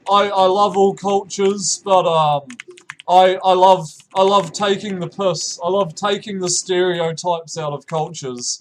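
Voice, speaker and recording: A man's voice: steady tone, measured pace, a little hiss or hum. A young man with a New Zealand accent chatting casually on a live stream, reading messages aloud, laughing often and stumbling over restarts. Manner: laughs often, stumbling restarts, reacts with sudden high exclamations.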